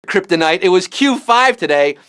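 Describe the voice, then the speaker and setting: A man hosts a live trivia show, rattling off puns and jokes between questions as a fast-talking quizmaster. His voice is high, clear, resonant, and a bit bright, with lively intonation.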